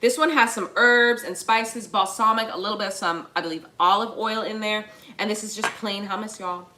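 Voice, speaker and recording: A chatty, playful woman cooks live on camera and speaks straight to her viewers, now and then launching into little impromptu songs. Her medium-pitched voice is pushed and bright, with fairly even intonation and a moderate pace, and a faint hiss or hum can be heard.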